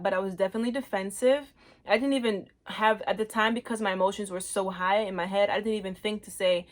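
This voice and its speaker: A young adult woman with a mid-range voice shares a personal testimony as host of her own show. She speaks in a casual, slangy way. When she quotes her past self, her voice jumps up and becomes more animated. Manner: acts out her own quoted words with lively pitch jumps; casual slang, relaxed everyday phrasing.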